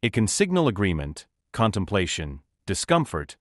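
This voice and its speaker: A man reading a nonfiction audiobook as narrator, in a measured, instructive way. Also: lowish voice, very animated, a bit bright, dry recording, studio quality.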